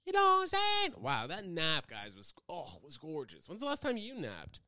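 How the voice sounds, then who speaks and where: A young man from the United States rambles casually to his viewers on a livestream. His voice is smooth and clear, and he jumps between loud bursts and low asides. The sound is dry and close, with no room around it. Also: moderate pace, few pauses, no echo. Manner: animated, swings between loud outbursts and low mumbles.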